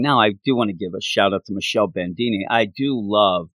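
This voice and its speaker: A man's voice: fairly low pitch, fairly quick, a bit bright, no echo. A man casually reviewing a comic issue, chatty and full of opinionated asides.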